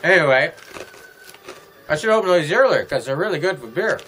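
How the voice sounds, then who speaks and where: A man casually reviewing beer and snacks in a home vlog, rambling and halting, chewing as he talks. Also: fairly high pitch, lively intonation, a bit bright, faint music behind, poor audio. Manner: rambling, halting, chatty with himself. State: eating while talking.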